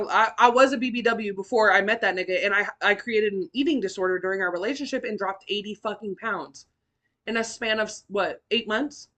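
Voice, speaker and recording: A young woman hosting a podcast, telling her own story in a blunt, profane, animated way with big swings in pitch and loudness. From California. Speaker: podcast host. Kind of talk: candid personal storytelling.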